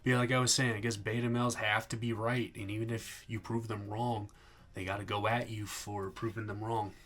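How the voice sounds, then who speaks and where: A man's voice: on the low side, level tone, fairly quick, fairly bright tone. Young dude ranting about his old sergeant, lots of cussing. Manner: angry, profane, acts out quoted dialogue. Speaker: army veteran vlogger. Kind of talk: casual storytelling.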